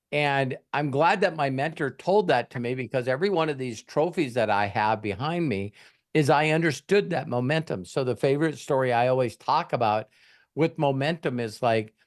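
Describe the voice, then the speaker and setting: A man telling a motivational story as a host answering a member's question, animated, acting out bystanders' lines in quick voices. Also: mid-range voice.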